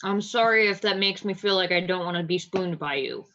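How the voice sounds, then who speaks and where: A woman's voice: on the low side, brisk, a bit bright, dull audio. A woman playing a tabletop game, teasing the others in a wry way. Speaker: player.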